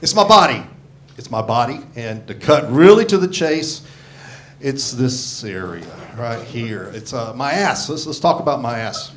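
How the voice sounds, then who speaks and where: On a club stage, a stand-up comic in his sixties works through a vulgar, self-mocking routine, swearing liberally into a handheld microphone. He speaks at medium pitch, animated and unhurried, and the live audio is noisy with the crowd laughing.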